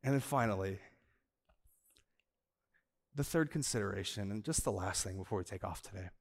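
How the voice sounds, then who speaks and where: A male pastor preaching a sermon to a church. He moves from soft, slow lines to loud, high bursts for emphasis and laughs lightly with the room. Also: lively intonation, vocal fry, in a large hall. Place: church auditorium.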